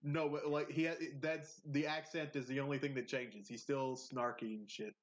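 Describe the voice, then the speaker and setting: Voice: medium pitch, steady tone, normal speed, slight background noise. A podcast co-host talking in blunt, crude, casual chat. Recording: dull lo-fi sound.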